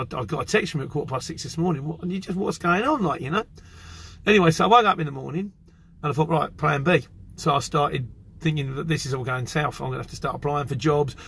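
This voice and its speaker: A man's voice: a little high, a bit bright, slightly rough. A middle-aged English man with an English accent, a courier driver telling a rambling story in a casual vlog.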